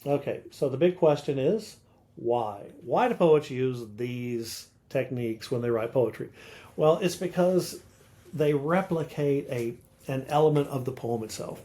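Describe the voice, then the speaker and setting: A man's voice: medium pitch, animated, measured pace, dark tone. An older man co-hosting a podcast, explaining poetic meter in a teacherly way and tapping out rhythms as he recites verse. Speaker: podcast co-host, literature scholar. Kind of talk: casual explanatory chat.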